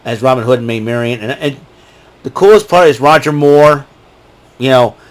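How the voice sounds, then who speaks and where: A man's voice: mid-range voice, normal speed. A man hosting his own show, chatting casually and rambling through a ranking of his favorite films with many fillers and restarts. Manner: rambling, many fillers and restarts, breaks into quoted movie lines. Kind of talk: casual solo commentary.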